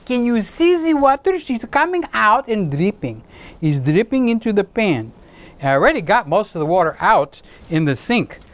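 Male home-cook host, chatty and jokey, voice leaping up and down in pitch. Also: normal speed, low-quality recording. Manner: playful, chatty, joking asides to viewers; swoops into high excited exclamations. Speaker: home cooking channel host. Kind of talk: casual cooking demonstration to camera.

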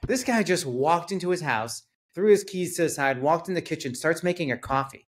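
A man guest on a podcast, telling a story in a casual, animated way, swearing and acting out what people said. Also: a little high, brisk, few pauses. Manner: animated storyteller, acts out quotes, swears, laughs. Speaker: realtor guest.

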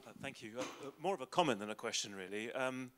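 A man's voice: mid-range voice, expressive, fast, a bit bright, a little hiss or hum. Middle-aged guy in the audience, hesitant, earnest, lots of uhs. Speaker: audience member.

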